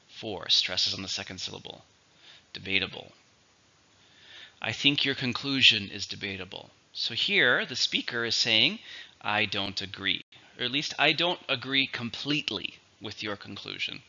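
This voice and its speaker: A man teaching English vocabulary in a recorded lesson, patiently repeating each word slowly for learners. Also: fairly low pitch, expressive, sharp tone, lo-fi sound.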